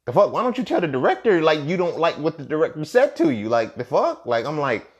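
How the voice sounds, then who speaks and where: A man giving a calm, steady, explanatory pitch for a trading course he teaches. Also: fast talker, highs cut off. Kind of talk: promotional pitch.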